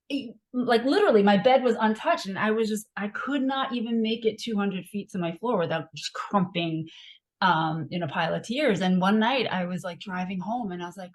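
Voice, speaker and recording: Casting note: young adult woman, candid podcast guest, mid-pitched voice, emotional storytelling. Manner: candid and emotional, many fillers. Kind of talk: personal story in a podcast conversation.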